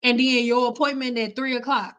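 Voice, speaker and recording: A woman's voice: fairly high pitch, flat delivery, a little fast, a bit bright, smooth. A woman hair stylist hosting a livestream, telling candid stories in a casual, emphatic way. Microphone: computer mic on a livestream.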